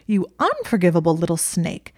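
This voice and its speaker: A woman reading the part of an indignant, sharp-tongued young woman librarian, emphatic and exasperated. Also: on the low side, huge pitch swings, moderate pace, no room sound, studio quality. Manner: exasperated, emphatic, rising to near shouts.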